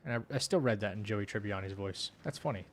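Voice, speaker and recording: A man's voice: on the low side, fast. Loose, rambling male game streamer. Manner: rambling, loose, full of "like" and restarts, reads chat aloud. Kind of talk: casual live-stream chat while playing.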